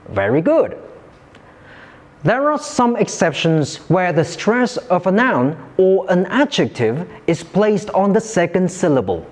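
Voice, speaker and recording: A man teaching English pronunciation in a scripted lesson, enunciating slowly and carefully and modelling words for listeners to repeat. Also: high-pitched, sing-song.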